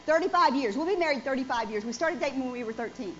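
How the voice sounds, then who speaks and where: High-voiced woman preaching a sermon. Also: expressive, rapid-fire, a bit bright. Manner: emphatic, asks the congregation questions. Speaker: pastor. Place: church. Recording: dull lo-fi sound with faint noise.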